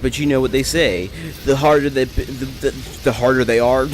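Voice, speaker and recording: A man's voice: mid-range voice, steady tone, moderate pace, a little hiss or hum. A young man rambling and joking through casual gameplay commentary, often correcting himself mid-sentence. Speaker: let's play gamer.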